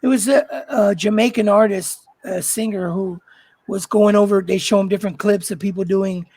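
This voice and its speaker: Halting co-host voice, dry sound. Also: medium pitch, steady tone, a little mellow, no echo. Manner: halting, searching for words with many fillers. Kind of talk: casual livestream chat.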